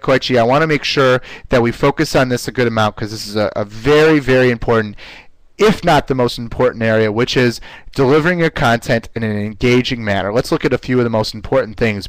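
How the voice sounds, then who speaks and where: Male webinar instructor, mid pitch, coaching tone, dry close-mic sound. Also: fairly quick, dry recording, poor audio. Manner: energetic, coaching, repeats words as he goes. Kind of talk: live online class.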